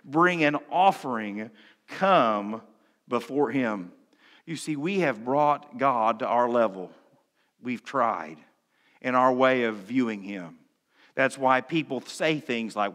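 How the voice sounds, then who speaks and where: A male pastor preaching from the pulpit with a bright, forceful tone. He swings from hushed to loud and drops humorous asides. His voice rings with the long reverb of a church sanctuary. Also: medium pitch, animated, moderate pace. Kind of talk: sermon.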